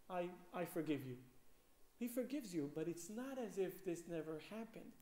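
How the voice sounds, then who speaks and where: Guy preaching a sermon, highish voice, tells the story all animated with lots of "you know" and "uh", roomy echo around him. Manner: animated storyteller, acts out quoted voices, many fillers. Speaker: rabbi. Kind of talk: Torah portion sermon with storytelling. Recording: echoey room.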